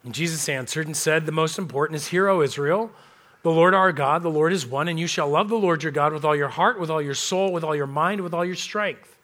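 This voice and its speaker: A man's voice: a little high, a little fast, fairly bright tone. A man preaching a sermon as pastor, telling a story in a conversational way and acting out the people he quotes. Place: church.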